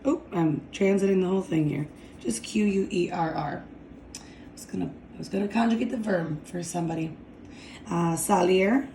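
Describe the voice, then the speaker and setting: In an echoey room with slight background noise, a woman with a lowish, dark voice teaches Spanish grammar. She explains each step slowly and deliberately while writing, often checking in with "okay?"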